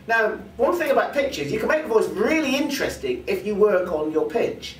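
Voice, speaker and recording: A man teaching presentation skills, acting out the vocal examples he explains. His voice runs a little high and swings widely in pitch. He is recorded from some distance in a roomy space with a faint ambient hum behind him. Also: very animated, a little fast, hardly any pauses. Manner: demonstrative, acts out vocal examples. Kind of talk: teaching with spoken demonstrations.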